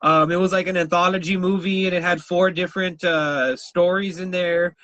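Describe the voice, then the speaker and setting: A man's voice: high voice, moderate pace, no room sound, muffled recording. A man co-hosting a podcast, telling wild stories in casual chat, swearing and laughing often. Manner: animated storyteller, swears a lot, laughs often. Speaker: podcast co-host.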